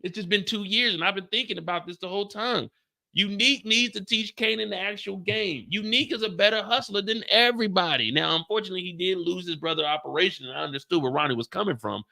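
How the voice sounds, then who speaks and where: Gravelly, bright-voiced animated male streamer. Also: high voice, fast talker. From Kansas City. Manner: loud, jokey and animated, raising his voice to entertain. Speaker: host of a TV show recap livestream. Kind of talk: casual livestream commentary.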